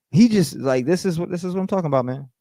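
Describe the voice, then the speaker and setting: Man hosting a livestream, profane and animated, dry close sound. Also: fairly high pitch, no room sound. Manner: profane, animated, mocks with put-on quotes. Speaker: livestream host. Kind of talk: casual livestream commentary.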